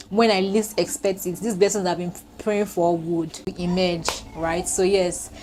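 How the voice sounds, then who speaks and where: A young woman sits at home and talks straight into her phone camera in a relaxed year-end vlog. She rambles in a chatty, reflective way and drops "like" between her thoughts. Her voice sits at an ordinary pitch for a woman. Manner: chatty and reflective, with many fillers like "like". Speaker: vlogger.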